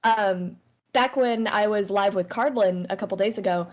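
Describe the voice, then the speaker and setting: A woman's voice: mid-range voice, normal speed. A woman guest on a live stream call, chatting playfully and telling a funny story with lots of giggles. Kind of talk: casual chat.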